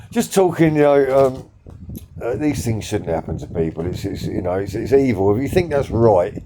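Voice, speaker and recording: Male vlogger, mellow dark tone, rambling and blunt, swears freely. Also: medium pitch, a little hiss or hum. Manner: rambling, with many fillers and repeated words. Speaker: social media vlogger. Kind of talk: casual talk to camera.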